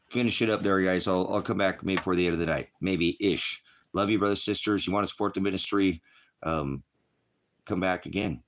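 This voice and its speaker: Deep-voiced man preaching off the cuff. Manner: rambling and impassioned, mocks with put-on voices. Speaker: pastor of an online ministry. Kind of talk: casual sermon.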